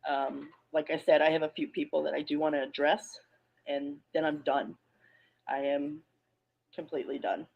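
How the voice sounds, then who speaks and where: A woman's voice: low voice, level tone, vocal fry. Subdued hesitant woman, muffled lo-fi audio. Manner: subdued, hesitant, many pauses and ums. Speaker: community member making a statement. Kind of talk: personal statement addressed to an online community. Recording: muffled lo-fi audio, played back on a stream.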